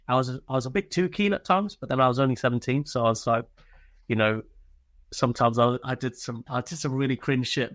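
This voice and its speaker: A man's voice: mid-range voice, fairly bright tone. A man, an army veteran and podcast guest, telling casual stories with plenty of swearing and laughter. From United Kingdom. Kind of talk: casual storytelling.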